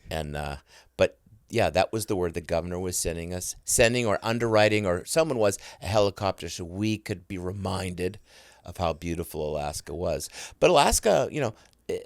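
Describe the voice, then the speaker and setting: Lively middle-aged man telling stories. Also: deep voice, brisk, no echo, studio quality. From United States. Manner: excitable, self-interrupting, mimics sounds. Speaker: guest. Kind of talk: animated storytelling.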